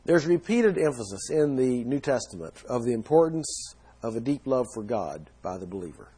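A man's voice: medium pitch, very animated, moderate pace, mellow, breathy edge. A man preaching a sermon in an earnest teaching tone, leaning hard on key words. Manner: earnest teaching tone, emphatic stresses.

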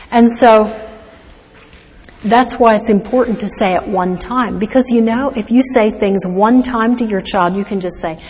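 A woman's voice: medium pitch, darkish tone, big-room sound, slight background noise, rough recording. A woman giving a devotional teaching talk to mothers, earnest and full of rhetorical questions. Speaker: speaker to mothers.

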